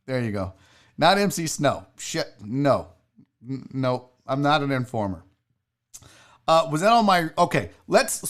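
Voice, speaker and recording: A man hosting a solo sports talk show, ranting loudly and mockingly with lots of swearing. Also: a little high. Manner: loud, mocking, profane ranting.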